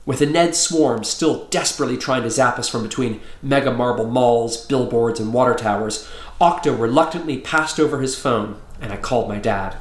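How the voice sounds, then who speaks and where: Lively man reading a children's book. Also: medium pitch, moderate pace. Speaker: author reading his book aloud. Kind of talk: children's book read-aloud. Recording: roomy echo.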